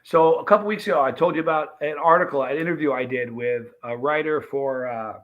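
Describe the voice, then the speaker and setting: A man's voice: fairly high pitch, brisk, dull audio. A middle-aged American man, a livestream host, telling a rambling story to his chat and acting out the quotes, with many restarts. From United States. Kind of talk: casual storytelling to a live chat.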